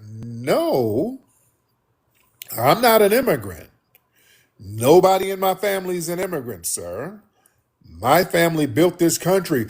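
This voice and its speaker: A man hosting a call-in radio show, talking in a preachy, mocking way and acting out quoted voices in a high pitch. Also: big pitch swings, unhurried, long pauses, husky. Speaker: radio show host taking callers. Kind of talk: animated call-in talk.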